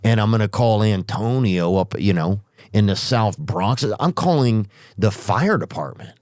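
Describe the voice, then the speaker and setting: A man hosting a podcast, telling rambling comic stories with profanity and drawn-out asides. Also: lowish voice, animated, a little mellow, no echo, studio quality. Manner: profane, drawn-out asides, sudden character voices. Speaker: podcast host.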